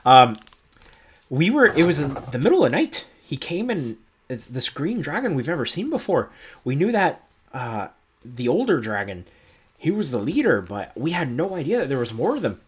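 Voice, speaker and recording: A man voicing a shaken male villager from a farming town in a tabletop game, telling his story in a halting, nervous way. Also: a little high, big pitch swings, slightly rough.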